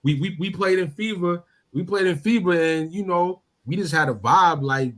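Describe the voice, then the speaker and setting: A man co-hosting a casual sports podcast, talking in an animated way and repeating words as he pushes his point. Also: high voice, moderate pace, hardly any pauses. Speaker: podcast co-host.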